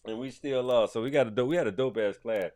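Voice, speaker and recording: A middle-aged man from Columbus, Georgia, hosting his podcast with casual shout-outs, loose and profane, jumping into loud bursts and then trailing off. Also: mid-range voice, fast talker, dry recording, studio quality. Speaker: podcast host.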